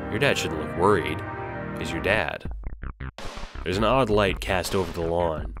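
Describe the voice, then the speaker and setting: A man with a very low, deep voice narrates an audio drama in the second person. He moves between hushed dread and panicked outbursts, with music playing clearly underneath. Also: measured pace. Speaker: narrator and voice actor.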